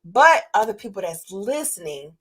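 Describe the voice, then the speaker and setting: A woman's voice: mid-range voice, sing-song, moderate pace, breathy edge. A woman who is a public speaker, talking earnestly as a guest on a podcast, with plenty of fillers. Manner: earnest, encouraging, many fillers. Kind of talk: casual interview chat.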